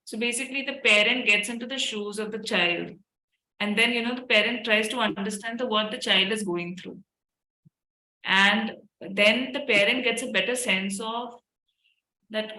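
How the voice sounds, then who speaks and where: A woman's voice: a little high, fairly even intonation, normal speed, pushed and bright, roomy sound, a little hiss or hum, poor audio. A woman, a therapist and parent, explaining tapping methods in a webinar talk. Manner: explanatory, repeats tapping statements. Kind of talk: webinar talk answering questions.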